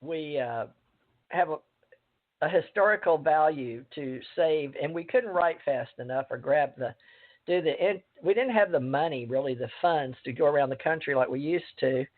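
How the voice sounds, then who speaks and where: A woman hosting a radio show, talking in a rambling, hesitant way with many pauses. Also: deep voice. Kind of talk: casual radio talk. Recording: tinny phone line.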